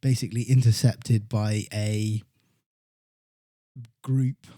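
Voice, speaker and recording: Man, very dark mellow tone, rambling podcast chat, dry close mic. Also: fairly low pitch, little pitch movement, takes it slowly, no echo. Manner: chatty, rambling, swears casually. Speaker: podcast co-host. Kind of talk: casual film review chat.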